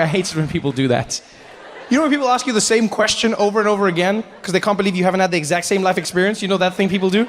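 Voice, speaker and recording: Man, stand-up comedian, animated, self-mocking, high voice, long hall echo. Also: very fast. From South Africa. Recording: echoey hall with faint noise.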